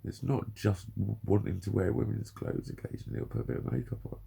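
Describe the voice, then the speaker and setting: Gravelly low-voiced man in his forties. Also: sing-song, quick pace, mellow. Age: 40s. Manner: candid, emotional, heavy swearing. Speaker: vlogger. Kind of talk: casual confessional monologue.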